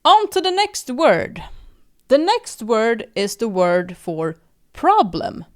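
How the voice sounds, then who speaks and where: A young Swedish woman teaches vocabulary in a patient lesson, saying each word several times for her listeners. She speaks very slowly, and her pitch rises and falls expressively. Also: big pitch swings. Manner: repeats words slowly for practice, friendly address. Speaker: language teacher and podcast host. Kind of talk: slow, clear language lesson.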